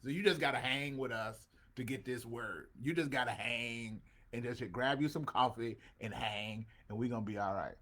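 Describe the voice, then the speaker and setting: A man's voice: mid-range voice, normal speed, few pauses, fairly bright tone. A man, a pastor hosting an online show, talking casually with his congregation and calling out to viewers by name, with preacher-like swells. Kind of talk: casual livestream talk with a congregation.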